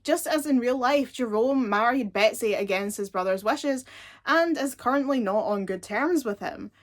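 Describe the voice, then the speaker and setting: A woman chatting casually as she reviews episodes of a TV show, animated and laughing often. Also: on the high side, moderate pace. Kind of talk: casual chat.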